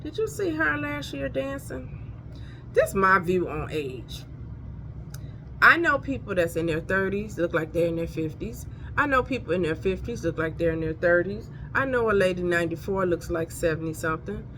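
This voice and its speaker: A woman's voice: fairly low pitch, animated, moderate pace, a bit bright, a little hiss or hum. A woman in her fifties giving frank, folksy life advice in a casual vlog, chatting straight to her viewers. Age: 50s. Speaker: life coach. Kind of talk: casual motivational vlog talk.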